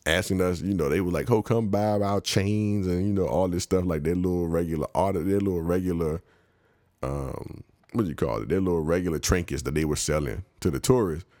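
A man casually telling a travel story in a slangy, animated way, laughing often and acting out the people he met. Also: deep voice, brisk, dry recording, studio quality. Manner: slangy, conversational.

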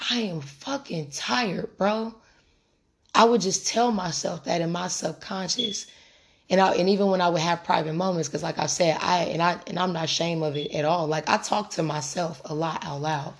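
A woman in her late twenties with a deep, hoarse voice, hosting a casual spiritual podcast, candid and profane as she speaks straight to listeners. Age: late 20s. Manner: candid, profane, conversational, addresses listeners directly. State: hoarse, recovering from lost voice. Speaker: podcast host and tarot reader.

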